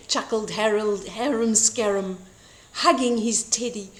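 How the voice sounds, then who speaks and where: An older woman reading a bedtime story aloud for children, slow and expressive. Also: fairly high pitch. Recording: roomy echo.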